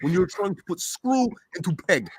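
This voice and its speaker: A man voicing a blunt male tinkerer in a mock Russian accent, speaking clipped broken English in a deadpan way. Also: high-pitched, normal speed, slightly rough, no room sound, pitched above the performer's own voice, full character voice. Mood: deadpan instructive.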